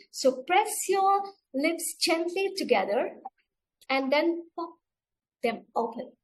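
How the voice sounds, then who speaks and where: A middle-aged woman with an Indian English accent leading an online teaching webinar, patiently demonstrating sounds and repeating each step. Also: sits high. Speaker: teacher trainer. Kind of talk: webinar instruction.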